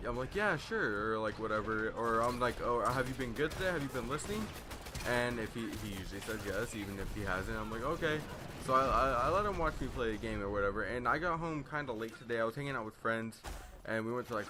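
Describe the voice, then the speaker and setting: A man's voice: medium pitch, noisy background. A teenage boy telling a rambling story in casual chat over gameplay, full of fillers and self-deprecation. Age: teens. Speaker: gaming vlogger.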